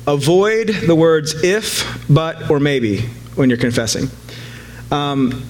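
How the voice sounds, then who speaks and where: A man's voice: fairly high pitch, takes it slowly, a little hiss or hum. A man preaching a casual sermon to a live congregation, joking and conversational, with frequent fillers and restarts.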